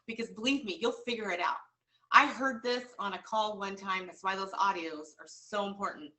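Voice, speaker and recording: A woman's voice: mid-range voice, a little fast, sharp tone, far from the mic. A woman giving a motivational training talk to sales agents, earnest and repetitive, with many fillers. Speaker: team leader coaching sales agents.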